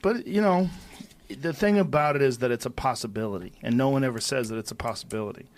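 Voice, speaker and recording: A man's voice: medium pitch, quick pace. Man explaining his point on a podcast. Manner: reasoned, explanatory, builds arguments step by step. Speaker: podcast host. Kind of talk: conversational podcast talk.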